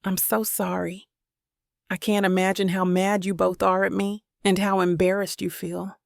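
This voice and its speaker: A woman's voice: mid-range voice, level tone, normal speed, gravelly, no echo, studio quality, close to an everyday voice. A woman reading the lines of a remorseful adult sister, shaky and pleading as she apologizes.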